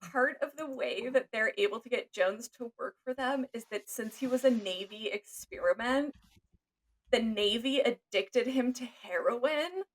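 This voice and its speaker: High, excitable woman podcast co-host. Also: a little slow. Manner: excitable, swears often, laughs a lot. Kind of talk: casual chat.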